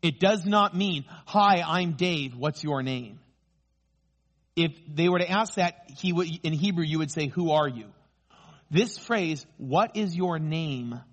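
Male pastor, fairly high voice, emphatic sermon delivery that lingers on key phrases. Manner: emphatic, slows down for key phrases, rises in pitch when excited.

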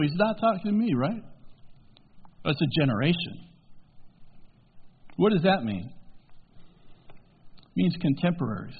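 A man preaching a sermon as pastor, swinging from quiet, low asides to loud, emphatic peaks and stretching key words out slowly. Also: animated, breathy edge. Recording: tinny phone-like sound in a reverberant hall.

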